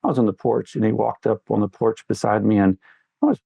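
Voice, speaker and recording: A middle-aged man, a guest in a candid interview, speaks earnestly and tells stories in a fatherly way. His voice is low-ish, gravelly and mellow with a breathy edge, and he talks briskly. There is no room sound.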